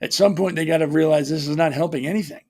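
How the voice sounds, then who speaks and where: A man's voice: a little high, fast talker, a little mellow. A man hosting a podcast, delivering a blunt, combative political monologue with mocking asides and many restarts. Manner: repetitive restarts, frequent "you know". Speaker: podcast host. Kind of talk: opinionated political commentary monologue.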